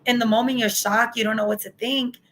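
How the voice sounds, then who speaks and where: Fairly high-pitched and steady, her voice moves fairly quickly and sounds a bit bright, with a little hiss or hum in a low-quality recording. She's recounting her own experience candidly as an interview guest, reenacting earlier exchanges.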